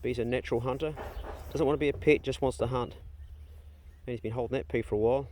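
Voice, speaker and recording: A man's voice: medium pitch, steady tone, a little fast, darkish tone, a little hiss or hum. A man, talking casually to his phone as he walks around his farm garden. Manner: laid-back, chatty, swears casually, talks to his dogs. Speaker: farmer vlogger. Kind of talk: casual walk-and-talk vlog. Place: farm garden and dog kennels, outdoors. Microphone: phone held while walking.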